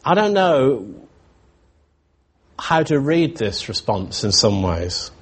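A man preaching a sermon in a reflective, searching way, often pausing and restarting his thoughts. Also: medium pitch, sing-song, husky.

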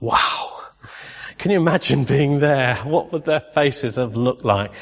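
A man's voice: medium pitch, takes it slowly, creaky. Male preacher in an echoing hall. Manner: conversational, asks the congregation questions, playful asides. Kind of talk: sermon. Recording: dull recording in a long-reverb hall.

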